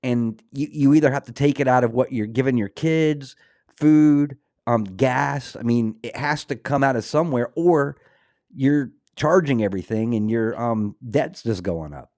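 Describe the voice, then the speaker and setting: A man with a mid-pitched voice talks earnestly on a podcast and fills his speech with "you know" and "um." The recording is dry and close. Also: a little slow, a little mellow, no echo. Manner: earnest, conversational, with filler words. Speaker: podcast co-host. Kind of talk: casual chat.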